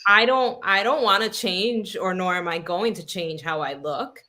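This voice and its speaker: A woman's voice: mid-range voice, normal speed, sharp tone. A woman talking as a podcast guest in a casual conversation, reflective and searching for the right words.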